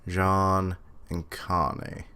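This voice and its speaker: Low-voiced man thinking aloud. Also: flat delivery, extremely slow, sharp tone, clean tone. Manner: thinking aloud, musing and correcting himself. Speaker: reaction streamer. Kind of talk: live reaction commentary, reading manga aloud.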